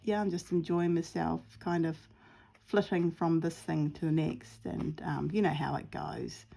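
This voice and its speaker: Gravelly, mellow New Zealand woman rambling. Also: low voice, fairly even intonation, measured pace. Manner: rambling, chatty, self-deprecating, drops to murmurs while sewing. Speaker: sewing vlogger. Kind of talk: casual crafting chat. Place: outdoors at home.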